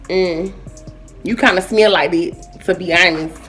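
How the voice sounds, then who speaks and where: A woman's voice: fairly low pitch, fairly even intonation, measured pace, fairly bright tone, soft background music. A woman in her twenties vlogging while she gets ready, talking in a playful, exaggerated slangy voice into a camera held at arm's length. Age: 20s. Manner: playful, slangy put-on "ratchet" talk. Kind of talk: get-ready-with-me chat. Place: home indoors, then a car.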